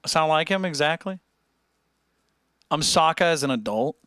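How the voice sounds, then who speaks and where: A man's voice: on the high side, lively intonation, normal speed, fairly bright tone, no room sound, clean studio sound. A man streaming, chatting casually and joking around with lots of laughs. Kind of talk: casual chat.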